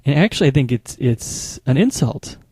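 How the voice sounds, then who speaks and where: A man speaking as a marriage therapist, explaining calmly and methodically, often restarting his phrases. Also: mid-range voice, slightly rough, no room sound. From United States. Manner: measured, explanatory, with frequent small restarts. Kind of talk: instructional talk to camera.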